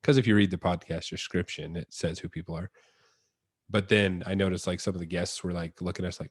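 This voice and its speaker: Deep-voiced man, stuffy and nasal. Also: fairly even intonation, fairly quick, breathy edge, dry recording. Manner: laid-back, casual swearing. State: nasal from allergies. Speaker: podcast host. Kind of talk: casual podcast intro and chat.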